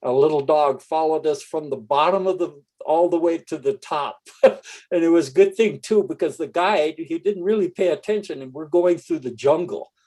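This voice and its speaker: A man's voice: a little high, normal speed, warm tone, rough recording. A man in his sixties telling rambling stories as an interview guest, often laughing between phrases. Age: 60s. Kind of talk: casual anecdotal storytelling.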